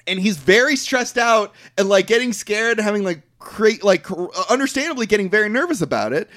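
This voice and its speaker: A man's voice: sits high, lively intonation, fairly quick, fairly bright tone, no room sound, studio quality. A man hosting a podcast who casually retells a movie plot, rambling with fillers and the odd swear word. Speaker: podcast host.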